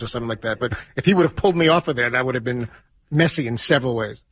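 A man with a New York accent telling a long story on talk radio in a rambling, halting way, full of restarts. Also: mid-range voice, fairly bright tone, dry recording, studio quality. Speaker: show regular.

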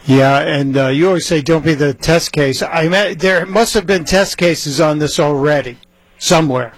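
A man's voice: a little high, moderate pace, poor audio. A man filling in as a talk radio host, speaking conversationally, with a few stumbles and fillers.

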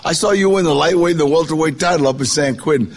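This guest storyteller is an older man with a slightly high voice who talks fast. He shares his life story casually, slipping into the voices of anyone he quotes.

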